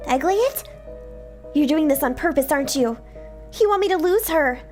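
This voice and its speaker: A woman voicing a haughty, possessive young princess in a fan dub of game dialogue, commanding and prone to shrill outbursts. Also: animated, moderate pace, darkish tone, faint music behind. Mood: furious.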